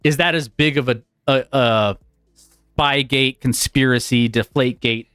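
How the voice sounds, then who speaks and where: Man, sports co-host, mid pitch, dry close sound, halting, thinking out loud. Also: fairly even intonation, clear, resonant tone, no room sound. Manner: thinks aloud with restarts and fillers, tentative. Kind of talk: casual sports debate.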